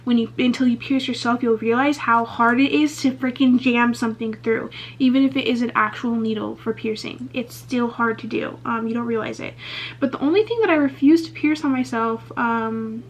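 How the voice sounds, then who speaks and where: A woman's voice: a little high, moderate pace, a little hiss or hum. A young woman vlogger in a casual get-ready-with-me Q&A, chatting candidly and swearing freely, full of "like" and "um". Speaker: beauty vlogger. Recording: slightly muffled lo-fi recording.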